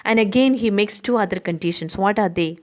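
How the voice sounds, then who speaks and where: A woman's voice: medium pitch, brisk, darkish tone. Indian English woman teacher explaining. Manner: reads lines aloud, then paraphrases them simply; often adds the tag question "isn't it?". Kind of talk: classroom explanation of a play.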